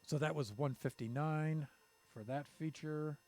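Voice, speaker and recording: A man's voice: on the high side, a little slow, darkish tone, faint music behind. A man streaming a building game, counting blocks aloud and talking to himself as he works. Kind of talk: casual commentary while building in a game.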